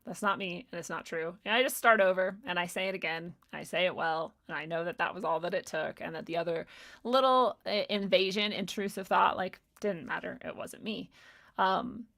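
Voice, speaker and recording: A woman's voice: on the low side, normal speed, gravelly, a bit bright. Candid, laughing woman host musing aloud. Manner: rambling and candid, swears freely, laughs often; reads out viewer chat comments. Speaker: spiritual livestream host. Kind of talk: casual spiritual talk.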